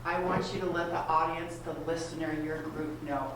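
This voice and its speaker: In a community center rehearsal room, a woman coaches a student string ensemble during a masterclass, giving encouraging, direct instructions and asking many questions. Her voice is lowish and steady, at a moderate pace with few pauses. The recording is echoey and distant from the mic, with string instruments playing and background noise.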